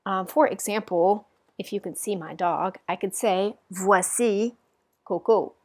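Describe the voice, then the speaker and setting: A woman's voice: medium pitch, moderate pace, darkish tone. A woman teaching a French class in a recorded lecture, patiently explaining with frequent ums and modelling the phrases aloud.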